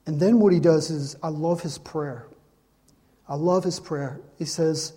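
Emphatic preacher man, mellow voice. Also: fairly high pitch, steady tone, unhurried. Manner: emphatic, repeats lines for emphasis. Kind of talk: sermon with Bible reading.

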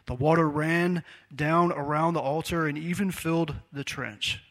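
A man's voice: a little high, fairly even intonation, unhurried, fairly bright tone. A man preaching a sermon in a conversational, storytelling way, acting out the quotes he tells.

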